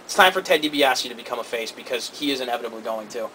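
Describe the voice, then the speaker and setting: Fast-talking bright-voiced man. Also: mid-range voice, slight background noise, rough recording. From Cambridge area. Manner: opinionated, quick and animated. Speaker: co-host. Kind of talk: casual wrestling talk show chat.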